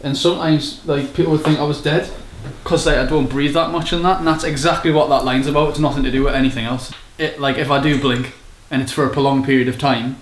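A man's voice: mid-range voice, fairly even intonation, fast, hardly any pauses, a little hiss or hum. Sweary man in an echoey room. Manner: sweary, rambling storyteller with laughs. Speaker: rapper explaining his lyrics. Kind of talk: casual chat.

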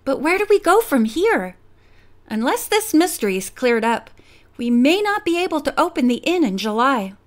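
A woman's voice: sits high, sing-song, normal speed. Woman voicing an anxious young fiancé for an audiobook; glum and pleading. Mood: worried. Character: worried young male fiancé.

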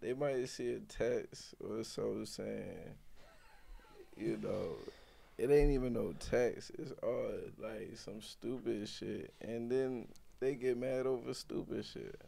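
A young man chatting as a guest on a casual group podcast, laid-back and slow to make his point. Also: medium pitch, gravelly, mellow.

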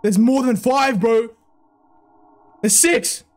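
A man's voice: extremely high pitch, slow pace. A young man giving panicky, swearing commentary while playing horror games, jumping between fear and mocking jokes. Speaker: gaming video creator.

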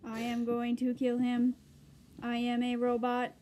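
A woman voicing a toy pony that acts as a stiff, flat-voiced robot during pretend play with plush toys. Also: on the high side, unhurried, a little hiss or hum, natural voice. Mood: robotic. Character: toy pony, female, cast as a monotone robot.

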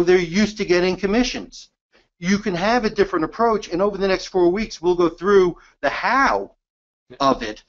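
A middle-aged man with a slightly high voice teaches a photography workshop in an emphatic, energetic way. The recording sounds dull and lo-fi. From New York. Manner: emphatic, energetic, self-described cynic. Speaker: photography educator. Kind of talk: animated storytelling workshop.

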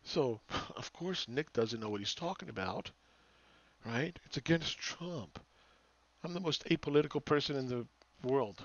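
A man's voice: mid-range voice, lively intonation, a little slow, no echo, lo-fi sound. A man hosting a market commentary channel, ranting sarcastically with exasperation and repeating phrases for emphasis. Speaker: market analyst host.

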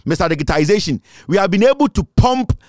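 Switching between English and Twi, a Ghanaian-accented man gives insistent political commentary and keeps repeating his points. He speaks fast in a high, very animated voice, and the studio sound is clean with no echo.

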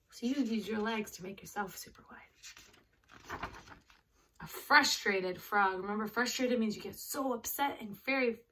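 A woman's voice: on the high side, a bit bright. A woman reading a picture book and leading a children's yoga class, encouraging the kids in simple words. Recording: distant mic, faint background noise.

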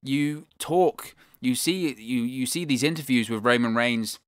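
Upbeat British man, bright voice. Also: mid-range voice, unhurried, no room sound, clean studio sound. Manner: enthusiastic, repeats phrases for emphasis. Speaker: wrestling news show host. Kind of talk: casual commentary and ad read.

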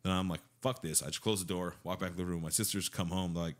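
A man's voice: low-pitched, quick pace. A man telling ghost stories in casual podcast chat, swearing often and acting out what people said. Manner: swearing, animated storytelling with acted-out quotes. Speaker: podcast guest. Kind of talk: casual storytelling.

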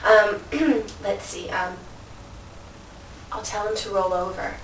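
Woman, comedic sales pitch, playful; roomy distant recording with faint hiss. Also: slow pace, long pauses. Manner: playful, mock-sales patter, laughing. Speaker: comedic infomercial presenter.

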